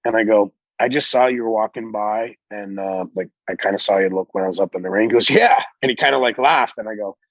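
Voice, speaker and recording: Middle-aged male guest, gravelly husky voice; lively profane raconteur, dry close mic. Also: lowish voice, quick pace, few pauses, no echo. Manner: animated, profane, acts out quotes. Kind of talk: casual storytelling. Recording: dull lo-fi recording.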